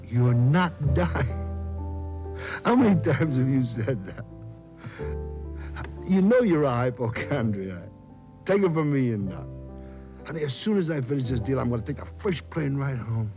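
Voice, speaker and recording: An actor playing a loud, wisecracking, self-pitying middle-aged talent agent in a 1970s television drama. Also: male voice, medium pitch, expressive, measured pace, long pauses, over music, close to an everyday voice. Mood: regretful. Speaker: theatrical agent.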